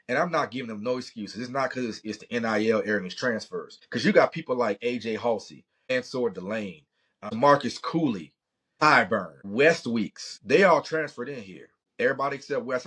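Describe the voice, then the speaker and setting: A man's voice: medium pitch, fairly bright tone, husky. A middle-aged man from Louisiana hosting a sports podcast, talking passionately in a rambling way with Southern slang. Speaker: podcast host. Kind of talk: sports opinion talk.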